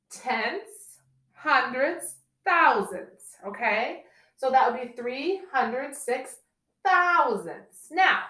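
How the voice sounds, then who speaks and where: A young woman teacher walks children through a lesson on video in a high, bright-pitched voice. She talks slowly and playfully, coaxing her pupils to join in. The sound carries an echoey room. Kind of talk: recorded online math lesson for children. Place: classroom or home room, filming a board.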